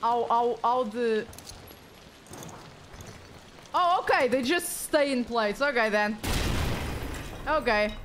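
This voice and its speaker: High-pitched woman, streamer, excitable gaming commentary, swears often, faint background noise. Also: slow, pauses often. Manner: excitable, jokey, swears a lot. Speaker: streamer playing a horror game. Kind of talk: casual live-stream commentary.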